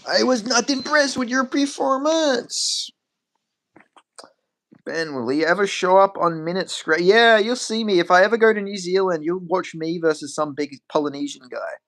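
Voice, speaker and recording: A man's voice: high-pitched, a little fast, hardly any pauses, a bit bright. A man chatting casually on a stream. He rambles, swears freely and answers questions from chat.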